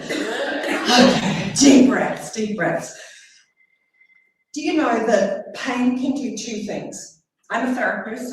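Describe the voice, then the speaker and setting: A woman's voice: medium pitch, a little hiss or hum. Woman speaker in an echoing hall. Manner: warm storytelling, engages the audience. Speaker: therapist giving a keynote. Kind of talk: motivational stage talk. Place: large conference hall. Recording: echoey hall, heard from a distance.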